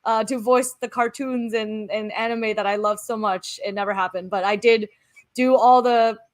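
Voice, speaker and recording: A woman's voice: fairly high pitch, steady tone, moderate pace. A woman in her thirties, a former actor and producer, talking candidly and animatedly in casual chat, swearing now and then.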